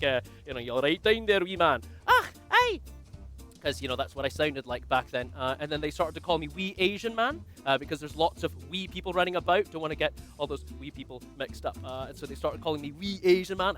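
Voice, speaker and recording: A man's voice: fairly high pitch, fairly bright tone. A man from Scotland with a Glasgow accent, a magician delivering jokey, self-deprecating comic patter on a livestream from a home video call setup. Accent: Scottish, Glasgow.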